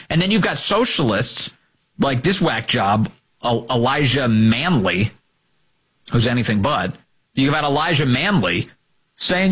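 A man's voice: on the high side, very animated, normal speed, a bit bright, slightly rough. A man hosting a political talk radio show, combative and sarcastic, mocking opponents in put-on voices. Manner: sarcastic, combative, swings between mocking voices and emphatic outbursts.

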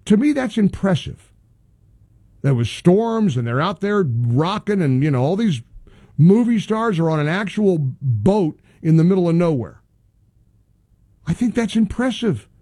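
Exasperated high-voiced male radio host. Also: a little slow, husky, no echo, clean studio sound. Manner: exasperated, ranting, animated. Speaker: radio talk show host. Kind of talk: casual talk radio monologue.

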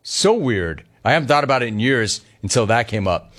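A man hosting a sports talk radio show, animated and wisecracking as he takes calls and tells stories. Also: mid-range voice. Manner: animated, wisecracking, quick to mock.

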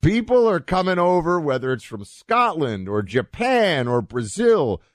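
A man's voice: fairly high pitch, very animated, measured pace, dry recording, studio quality. A man hosting a talk show, chatting in a rambling, casual way with many restarts and fillers.

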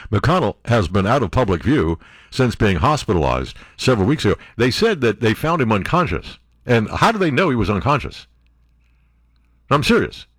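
A man's voice: medium pitch, no room sound. A man hosting a talk radio show, riffing sarcastically and breaking into sing-song bits. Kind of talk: opinionated talk radio monologue. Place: radio studio.

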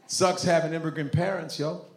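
A man performing stand-up comedy, talking to the audience in an animated, profane way. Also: fairly high pitch, normal speed, a crowd in the background. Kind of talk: stand-up comedy with crowd work. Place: comedy club stage.

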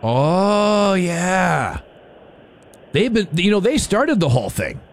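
A man's voice: high-pitched, sing-song, slow. A man hosting a radio talk show, chatting in a rambling, opinionated way full of fillers and restarts.

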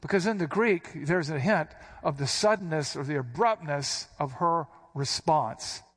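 A man's voice: a little high, unhurried, fairly bright tone, slightly rough. A man preaching a sermon, teaching verse by verse in an emphatic, explaining manner. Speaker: pastor.

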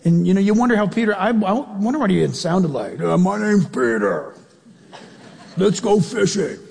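A high-pitched man preaches in an animated, playful way, throwing questions at the congregation. His voice has a husky edge. It rings out with a long reverb through a church sanctuary. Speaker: pastor. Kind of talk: sermon.

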